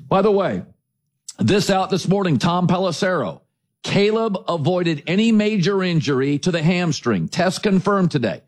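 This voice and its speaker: Middle-aged male sports host, high and lively voice, lecturing and emphatic. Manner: emphatic, lecturing, punchy lists. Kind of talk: opinionated sports commentary monologue.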